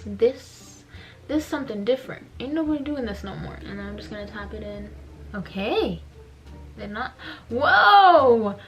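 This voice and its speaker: A woman's voice: medium pitch, normal speed, warm tone, soft background music. A young woman chatting casually through a makeup vlog, bubbly and giggly, with lots of "like" fillers. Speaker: beauty vlogger.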